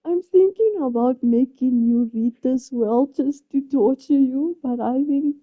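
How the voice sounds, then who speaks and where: A woman's voice: high voice, unhurried, phone-quality sound. A woman live streamer chatting casually, flustered and exclaiming often as she laughs through her reactions. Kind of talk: casual chat.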